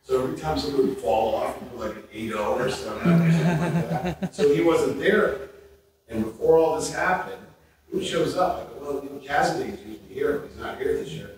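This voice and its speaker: A man on a convention memorial panel, telling animated stories with laughter and acting out what people said. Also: on the high side, a little fast. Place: convention hall panel room. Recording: echoey hall, audience noise, distant mic.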